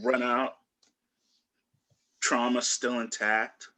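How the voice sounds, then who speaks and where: A man's voice: mid-range voice, level tone, unhurried, bright, forceful tone. A man performing a stand-up comedy set over a video call, rambling loosely with lots of fillers and restarts.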